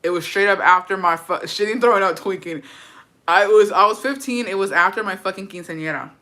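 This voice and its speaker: A woman's voice: mid-range voice, brisk, sharp tone. A young adult woman telling a story in a casual vlog chat, brash and profane, dramatic, and dropping in Spanish phrases. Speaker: vlogger.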